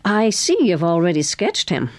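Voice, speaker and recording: A woman reading aloud, voicing a curious older lady who speaks in an admiring, lively way. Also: fairly low pitch, normal speed, no echo. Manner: warm, admiring.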